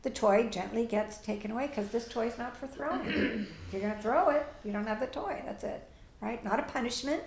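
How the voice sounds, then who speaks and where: A woman's voice: on the high side, fairly quick, roomy sound, slight background noise. A woman teaching parents and answering audience questions, plainspoken and direct, often acting out what parents and children say.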